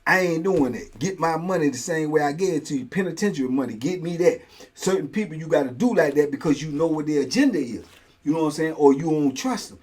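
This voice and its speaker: A man's voice: fairly high pitch, lively intonation, fast talker, a little mellow, slightly rough. A middle-aged man hosting a show, telling a story in casual, slang-heavy talk and acting out both sides of the conversations. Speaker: host and storyteller.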